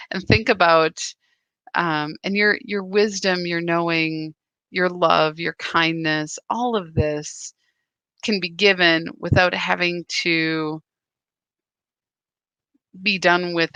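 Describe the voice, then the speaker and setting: A woman's voice: lowish voice, pushed and bright, dry recording, rough recording. A woman, a spiritual guide, giving a casual live-streamed talk in a conversational, rambling way that keeps checking in with "right?".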